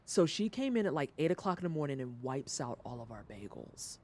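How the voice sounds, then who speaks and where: A young adult livestreamer chatting casually to viewers, retelling a work story with animated swings and casual swearing. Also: mid-range voice, fairly quick.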